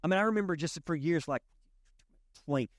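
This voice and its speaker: Southern pastor, conversational sermon. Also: male voice, a little high, fairly quick, no room sound, clean studio sound. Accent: Southern US (East Tennessee). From East Tennessee. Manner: conversational, animated storytelling with frequent restarts. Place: church.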